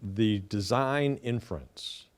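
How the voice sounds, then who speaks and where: Low-voiced male interview host. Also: slow pace. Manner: brief, prompting interjections. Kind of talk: interview questions.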